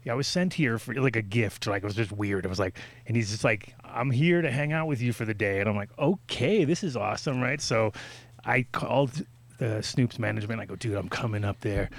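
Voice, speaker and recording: A man telling a story in casual chat, animated and swearing, acting out quotes with sudden jumps in pitch. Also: fairly quick, no echo. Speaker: podcast guest telling a story.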